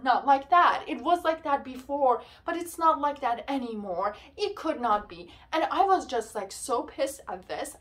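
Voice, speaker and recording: A woman reviewing books in a casual vlog, excitable and ranting, full of "like" fillers. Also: high voice. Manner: excitable, ranting, heavy use of "like". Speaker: book reviewer. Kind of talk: casual book wrap-up vlog.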